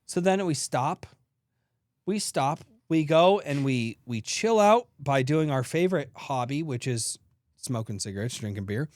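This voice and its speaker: A man's voice: mid-range voice, animated, measured pace, no echo, studio quality. A man in his thirties co-hosting a comedy podcast, telling rambling stories, swearing and acting out his own grumbling. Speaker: podcast co-host. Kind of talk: casual comedic storytelling.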